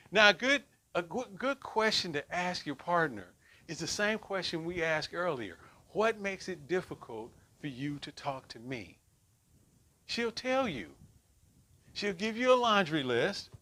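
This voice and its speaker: A middle-aged man teaches a group relationship class, keeping it conversational and repeatedly asking "right?". The voice is high, pushed and bright.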